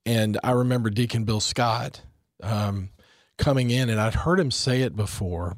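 A man's voice: medium pitch, normal speed, no room sound, studio quality. A man in his forties, earnest and reflective, talking about faith in a conversation and often repeating words as he starts.

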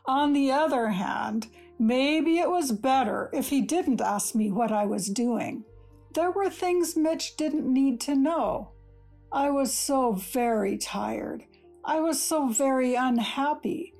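Woman, story reading, slow and gentle, lingering pauses, high voice. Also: creaky, faint music behind. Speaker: story reader. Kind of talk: reading a first-person short story aloud.

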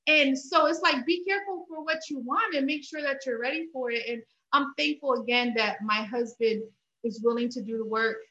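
Here an interview guest, a woman in her thirties, shares her story of faith and family without holding back. Her voice sits high and moves at a moderate pace, heard through a roomy, muffled recording. She narrates animatedly, reenacting things she once said with a rising voice, in a frank faith-centered talk.

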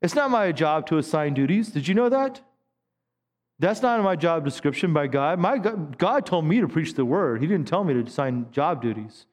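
A man's voice: on the high side, expressive, normal speed, in a large hall. A man in his fifties, a pastor preaching a sermon in a conversational way, with stammered restarts. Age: 50s. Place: church sanctuary.

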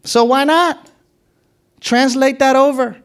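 A man's voice: very high-pitched, steady tone, slow, smooth. A man preaching a sermon as a pastor, in a conversational and playful way, often laughing and acting out what others said.

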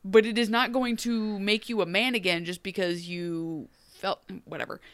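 A podcast co-host with a medium-pitched voice recaps a TV episode in casual chat, animatedly performing the characters' lines mid-story. She speaks at a moderate pace, and the recording is dry.

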